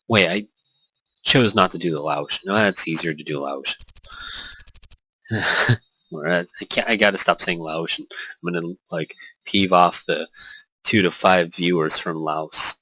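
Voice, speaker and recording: Joking male let's play host, bright voice. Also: sits low, unhurried, long pauses, husky, no room sound, rough recording. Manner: joking, self-correcting, laughs often. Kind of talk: let's play commentary reading a visual novel.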